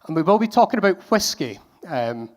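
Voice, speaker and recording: A man's voice: fairly high pitch, big pitch swings, fairly quick. A man with a Scottish accent giving a conference talk, telling a story in a wry, self-deprecating way. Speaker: conference speaker. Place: conference hall.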